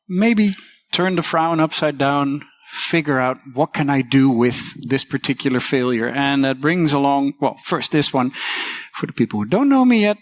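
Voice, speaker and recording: A woman's voice: low-pitched, no echo. A woman teacher giving a casual conference talk, swearing freely and acting out the voices she quotes.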